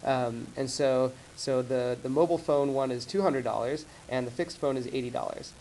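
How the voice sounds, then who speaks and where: A man giving a casual slideshow talk to colleagues, rambling and animated as he tells stories. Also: medium pitch, moderate pace, slight background noise, rough recording. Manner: rambling, animated storytelling with acted-out quotes. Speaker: presenter. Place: office meeting room.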